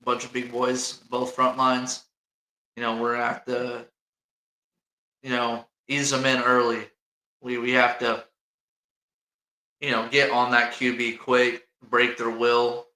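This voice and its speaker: A man's voice: mid-range voice, completely flat delivery, takes it slowly, long pauses, bright, forceful tone, echoey room, poor audio. A man with an Indiana accent hosting a casual sports chat, rambling and jokey and laughing often. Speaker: podcast host.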